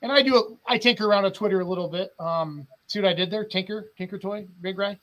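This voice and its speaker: A man's voice: high voice, fast, fairly bright tone, faint music behind, rough recording. A man hosting a weekly live show, joking and rambling casually. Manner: jokey, rambling, laughs often. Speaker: host.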